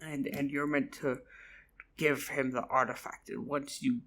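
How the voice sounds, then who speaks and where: A man's voice: medium pitch, flat delivery, measured pace, a bit bright. A man doing Charles the fretful old goblin. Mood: conspiratorial. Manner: dramatic, flustered, stammering. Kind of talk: improvised comedic storytelling.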